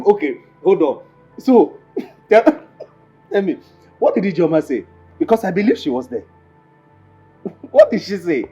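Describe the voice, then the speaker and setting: A man's voice: high-pitched, very animated, measured pace, pauses often, mellow, dull audio, faint music behind. An actor playing a blunt male friend with a Nigerian accent who mocks and then lectures, in a Nigerian film. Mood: mocking. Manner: laughing scorn turning to stern lecture. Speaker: Paul's friend.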